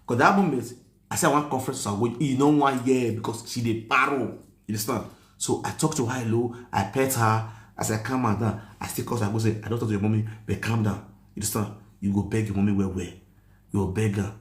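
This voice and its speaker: A man with a Nigerian accent telling a story in a casual, animated rant that mixes Pidgin and English, often asking if you understand. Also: lowish voice, fast talker, echoey room. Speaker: online commentator.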